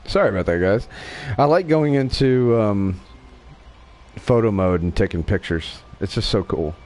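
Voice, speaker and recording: Chatty host with a slight Southern accent. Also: male voice, fairly low pitch, lively intonation, moderate pace, darkish tone. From Wyoming, USA. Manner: chatty, joking, narrates gameplay as he goes. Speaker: livestream host. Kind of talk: casual gaming livestream chat.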